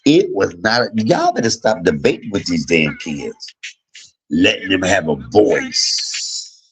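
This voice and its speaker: A man in his fifties talks straight to his livestream viewers in a candid monologue. His voice sits very low with a husky edge, yet his pitch rises and falls in lively swings. He tells his stories bluntly and swears freely. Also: slow pace, soft background music, poor audio. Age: 50s. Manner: blunt, profane storytelling. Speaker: livestream host.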